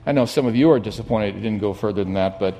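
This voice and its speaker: A middle-aged man preaching a sermon, telling a personal story in an animated, emphatic way. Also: on the low side, fast talker, a little hiss or hum. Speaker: pastor.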